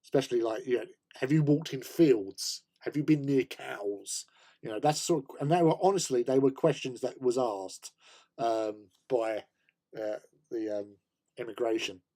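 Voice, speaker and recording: A man's voice: mid-range voice, normal speed, dark tone. An English man hosting a casual hobby stream, rambling through a travel story with many fillers and laughs. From England. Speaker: host.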